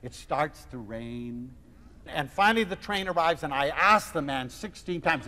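A man lecturing to an audience, his voice swooping high and low as he acts out a personal tale. His delivery is theatrical and expressive, and his pitch sits on the high side. Long reverb from the lecture hall trails every phrase. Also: measured pace. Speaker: lecturer on love.

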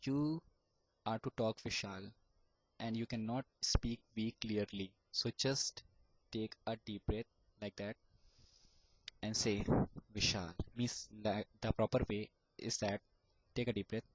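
A man with an Indian English accent talks straight to camera in a low voice, earnest and repetitive. He stretches words out syllable by syllable to demonstrate. The recording is muffled and dry, with no room sound. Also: steady tone, a little slow, pauses often, dry recording. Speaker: vlogger giving advice on stammering. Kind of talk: casual advice talk to camera.

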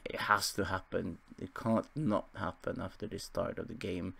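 A man's voice: low-pitched, steady tone, moderate pace, gravelly, fairly bright tone, husky. A young man casually commentating his football management game, rambling and joking at his own expense. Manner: rambling, self-deprecating, chuckling asides. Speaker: gaming video host.

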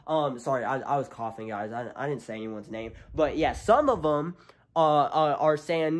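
A sick, congested young man in his late teens vlogging at home with a handheld camera, talking extra loud and rambling with many fillers. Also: mid-range voice, moderate pace. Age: young adult. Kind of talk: casual vlog. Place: home, indoors.

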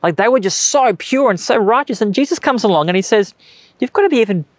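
Man, thirties, Australian accent, pastor preaching, conversational and earnest, slightly high voice, dry close sound. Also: expressive, fairly quick, dry recording. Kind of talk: sermon. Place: church stage.

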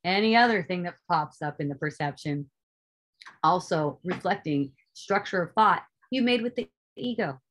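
A woman giving an earnest spiritual teaching in an online group talk, stressing points loudly and then dropping to soft asides, with casual swearing. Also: fairly low pitch, expressive, normal speed.

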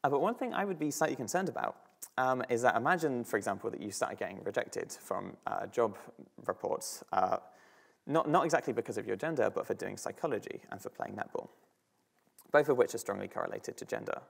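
A man's voice: mid-range voice, lively intonation, fairly quick, vocal fry, husky. A man with a British accent giving an academic talk on slides, thinking aloud with frequent fillers and restarts. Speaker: student speaker.

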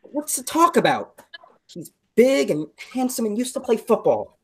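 A teenage student actress reading a sensitive, quick-tempered greaser boy over a video call, earnest and prone to outbursts. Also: on the high side, sing-song, a bit bright, breathy edge, full character voice. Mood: heated. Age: teens. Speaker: student actor. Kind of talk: school play read over a video call.

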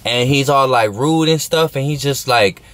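A man's voice: medium pitch, moderate pace, a bit bright. A young man telling a story in a casual vlog, slangy and rambling, often asking if you know what he's saying. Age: young adult. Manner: laid-back, smoking while talking.

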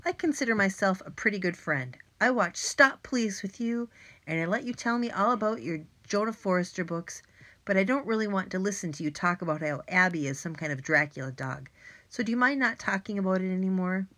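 A woman's voice: mid-range voice, expressive, fairly quick, bright, forceful tone. A woman voicing Irwin, a blunt, teasing eleven-year-old boy, in an audiobook. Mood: scoffing. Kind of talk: audiobook character voice.

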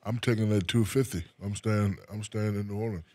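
A man from New Jersey, a guest in a casual interview, talking in a relaxed way and often repeating his first words. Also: fairly low pitch, brisk.

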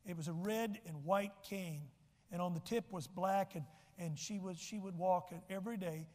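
A man's voice: sits high, moderate pace, dark tone, in a large hall. A man preaching a sermon as pastor, telling personal stories and building to emphatic lines. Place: church sanctuary.

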